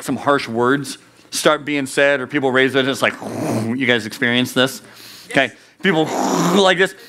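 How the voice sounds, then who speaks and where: A man in his thirties preaching a youth sermon, animated and joking, who jumps into high comic voices. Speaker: youth pastor.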